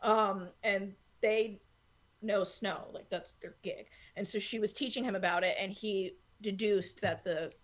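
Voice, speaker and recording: A woman's voice: mid-range voice, fairly even intonation, unhurried. A woman co-hosting a film podcast, retelling plot points in a chatty, self-correcting way. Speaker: podcast co-host. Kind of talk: casual film discussion.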